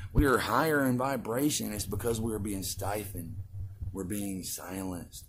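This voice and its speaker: A man delivering a profane, ranting monologue as a vlogger, swinging between loud preaching and hushed musing. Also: fairly low pitch, background noise.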